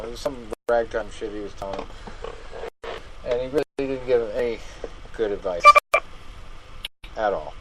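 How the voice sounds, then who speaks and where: A man chatting casually about fights, animated and quick to laugh, tossing in the odd curse. His voice sits at an ordinary pitch, with a faint hiss of noise in the background. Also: low-quality recording. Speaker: co-host. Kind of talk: casual fight recap chat.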